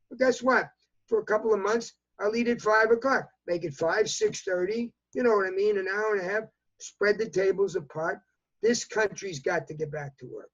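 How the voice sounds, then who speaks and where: A man in his eighties with a New York accent, speaking emphatically as a news interview guest over a video call. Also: sits high. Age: 80s. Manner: emphatic, repetitive, talks in bursts. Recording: dull lo-fi video call audio.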